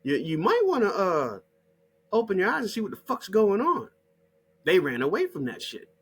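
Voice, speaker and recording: A middle-aged man with a husky, slightly high voice delivers a profane, mocking rant. His pitch swings widely as he jeers and goads. Soft music plays faintly behind him. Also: huge pitch swings, normal speed. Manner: heated, mocking, swears constantly. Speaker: channel host. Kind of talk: profane ranting monologue.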